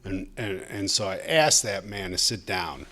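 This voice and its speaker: A man's voice: deep voice, unhurried, pushed and bright. A man speaking at a recovery meeting, sharing his story in a conversational, humorous way that turns tender. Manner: conversational, humorous, gets emotional. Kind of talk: personal recovery talk. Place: meeting room, live audience.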